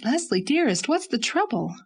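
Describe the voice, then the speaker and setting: A woman reading an audiobook, voicing a gentle, sensible young woman who soothes a friend in an earnest tone. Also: sits high, very animated, moderate pace, husky, pitched above the performer's own voice, heavily acted. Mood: concerned. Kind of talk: audiobook character voice.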